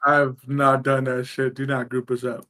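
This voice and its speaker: A man's voice: mid-range voice, monotone, normal speed, sharp tone. A young man co-hosting a live podcast, blunt and wisecracking, swearing freely. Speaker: podcast co-host. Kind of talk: casual live stream banter.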